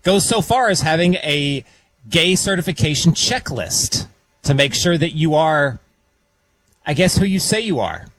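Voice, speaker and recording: A man's voice: fairly high pitch, big pitch swings, a little slow, fairly bright tone, no echo, rough recording. A man co-hosting a talk radio show, reading out a report while holding back laughter. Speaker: radio co-host.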